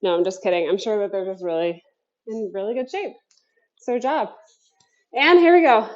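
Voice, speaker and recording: A woman's voice: mid-range voice, moderate pace, a little mellow, lo-fi sound. A woman coaching a home workout class, counting down cues and chatting between sets while out of breath. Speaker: fitness instructor. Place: home basement.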